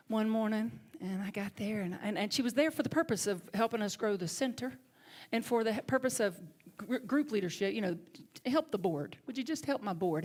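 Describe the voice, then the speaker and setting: With a mid-range voice and a Southern accent, this middle-aged minister preaches through animated stories, occasionally dropping to a soft hush.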